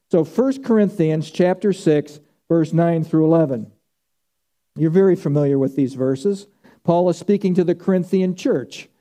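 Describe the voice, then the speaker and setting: A man's voice: a little high, warm tone. A man preaching a sermon, stressing key words by drawing them out and repeating phrases for emphasis. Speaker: pastor.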